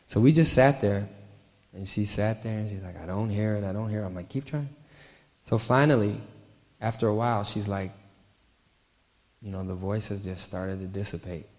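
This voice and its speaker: A man preaching a sermon, telling a story and often softening his voice at tender moments. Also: lowish voice, fairly even intonation, moderate pace, long pauses. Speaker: pastor. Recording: long hall reverb.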